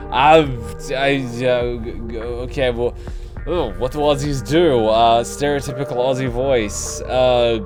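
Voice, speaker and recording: A man hosting a game playthrough, reading the on-screen text aloud and chatting with viewers, stalling with fillers as he improvises voices. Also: mid-range voice. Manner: reads narration, then rambles and stalls while improvising voices. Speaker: let's play host. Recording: game music behind voice.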